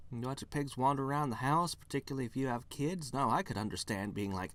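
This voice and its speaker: A man's voice: mid-range voice, quick pace, few pauses. A man hosting a game let's play, reading the game text aloud with wry, playful commentary.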